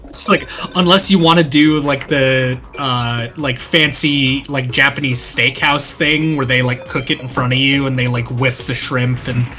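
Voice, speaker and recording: A man chatting casually during a game session, telling lively stories and acting out other people's lines. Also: medium pitch, a little slow, faint music behind. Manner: animated storyteller who acts out quoted voices. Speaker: co-host of a gaming let's play. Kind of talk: casual chat.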